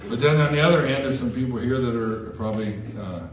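Heard from far off in an echoey church sanctuary, a man with a medium-pitched voice preaches quickly. As pastor, he delivers his sermon conversationally, dropping in self-deprecating asides.

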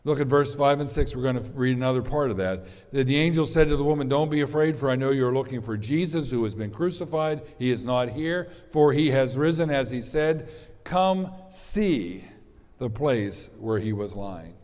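A man's voice: mid-range voice, brisk, few pauses, darkish tone. Guy pastor preaching, chatty and rambly, lots of restarts, big hall echo. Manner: conversational, rambling with restarts and asides. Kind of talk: sermon. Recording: long hall reverb.

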